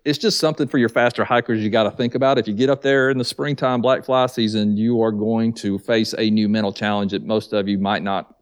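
A man's voice: on the low side, steady tone, fairly quick, clear, resonant tone. A man from the Southern US with a Southern accent, a guest telling stories in easygoing casual chat, often saying man. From Southern US, north of Atlanta. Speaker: guest hiker.

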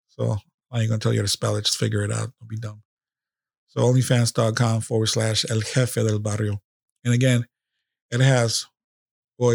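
Gravelly emotional podcast host. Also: male voice, medium pitch, darkish tone, no echo, studio quality. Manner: emotional, profane, rambling with restarts. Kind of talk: casual unscripted podcast monologue.

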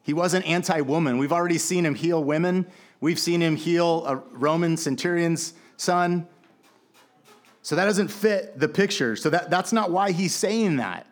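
Casual preaching man, higher voice. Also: unhurried. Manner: casual conversational preaching with many fillers. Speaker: pastor. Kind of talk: sermon.

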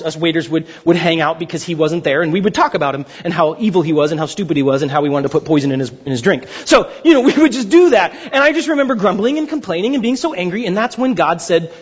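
Brief: male pastor, high lively voice, husky tone, animated storyteller with frequent laughter. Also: lo-fi sound. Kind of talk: sermon with personal story.

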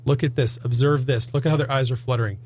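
A man hosting a faith talk show in a studio, chatting casually and dropping quick affirmations while his guest speaks. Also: mid-range voice, steady tone, a little mellow, a little hiss or hum. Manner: conversational, interjecting affirmations. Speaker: host. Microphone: studio mic.

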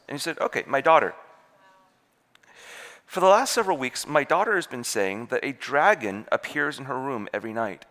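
A man's voice: mid-range voice, brisk. A man telling a story in a sermon, acting out the voices of the people in it. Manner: animated, acts out voices in his stories. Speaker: preacher. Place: church hall. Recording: long hall reverb.

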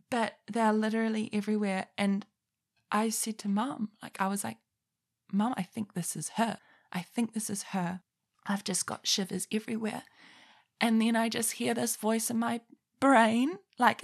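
A young woman talks through a loose, rambling podcast monologue with a gravelly fry in her voice. Her pitch sits in a middling range. She often breaks off mid-thought and laughs at herself. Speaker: podcast host. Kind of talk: casual solo podcast monologue.

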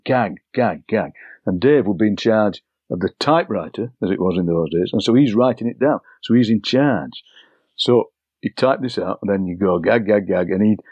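An older man, a poet, telling anecdotes in a relaxed interview and acting out overheard phrases. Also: fairly low pitch, no echo, muffled recording. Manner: chatty, anecdotal, acts out overheard lines. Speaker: poet and broadcaster, interview guest. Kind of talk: relaxed storytelling conversation.

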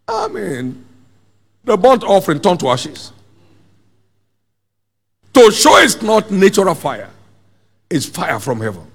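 Male preacher, emphatic sermon, lively rising pitch, slow delivery, gravelly edge, hall reverb. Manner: emphatic, repeating phrases, calls the congregation to answer.

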